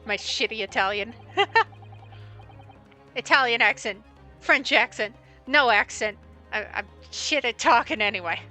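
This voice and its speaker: A woman's voice: fairly high pitch, moderate pace, pushed and bright. A woman streamer chatting casually and mocking herself while playing. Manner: joking, self-mocking. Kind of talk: casual gaming commentary. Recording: faint game music behind.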